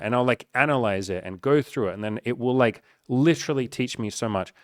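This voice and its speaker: A man's voice: medium pitch, fairly quick, no echo, clean studio sound. A man talking as a dating coach in a casual confessional vlog, candid and profane, speaking straight to his viewers.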